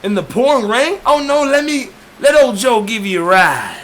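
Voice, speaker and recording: A man doing a folksy raspy old driver. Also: extremely high pitch, big pitch swings, moderate pace, fairly bright tone, slight background noise, voice pushed up, full character voice. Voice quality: raspy southern put-on. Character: older male driver, friendly but suspect.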